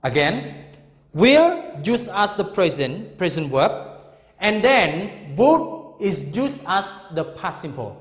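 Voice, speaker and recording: Lively, high-voiced male teacher. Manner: repeats example sentences slowly, checks in with "Okay?" and "Understand?". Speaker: English teacher. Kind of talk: classroom grammar lesson. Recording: echoey room with long reverb.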